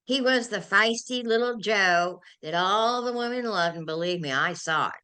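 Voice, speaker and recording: An older woman, a guest on a talk show, telling animated and emotional stories. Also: medium pitch, normal speed, smooth. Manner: animated, emotional storyteller who gets carried away. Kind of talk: anecdotal storytelling in a chat.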